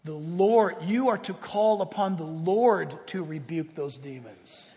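A man pastor preaching a sermon, animated, swinging between loud exclaims and hushed asides. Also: sits high, unhurried. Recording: reverberant hall.

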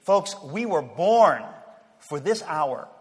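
A man giving an impassioned sermon-style speech to a Christian audience, emphatic and fervent, swinging from low, quiet passages to loud declarations. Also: sing-song, slow. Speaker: speaker addressing a Christian audience. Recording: long hall reverb, faint crowd.

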